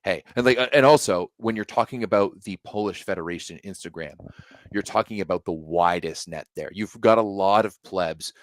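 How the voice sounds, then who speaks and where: A man's voice: deep voice, a little fast, no room sound, clean studio sound. A man co-hosting a casual sports podcast, rambling with many restarts and profane jokes. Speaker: podcast co-host.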